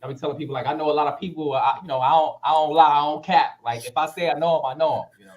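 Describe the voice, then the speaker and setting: A man, a guest actor telling stories in a casual interview, relaxed and full of fillers. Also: a little high, very fast, rough recording. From Harlem, New York. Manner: laid-back, full of fillers, lively when retelling.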